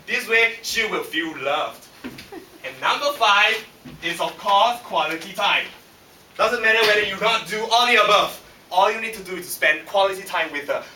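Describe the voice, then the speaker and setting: A man with a Singaporean English accent giving a humorous contest speech in a lively, punchy way that teases the audience, recorded in a function room by a far camera. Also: high-pitched, normal speed, a little hiss or hum. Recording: echoey hall from far off.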